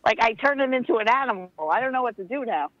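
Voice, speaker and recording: A woman calling in to a talk show, gossipy, animated and crude. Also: a little high, quick pace, dry recording, dull audio. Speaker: caller. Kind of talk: casual chat. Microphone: phone call.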